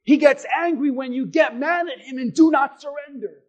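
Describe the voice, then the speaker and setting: A high-voiced man preaching from the pulpit. He drops to a quiet, measured reading tone, then climbs into loud, fervent exhortation. His delivery is dramatic and insistent. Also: lo-fi sound. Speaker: pastor. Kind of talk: sermon.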